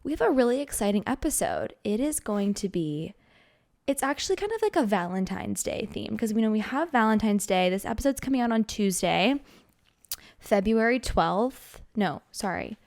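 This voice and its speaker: A woman in her twenties hosting a casual podcast chat, playful and giggly, talking in quick bursts. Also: medium pitch, big pitch swings, darkish tone. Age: 20s. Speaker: podcast host.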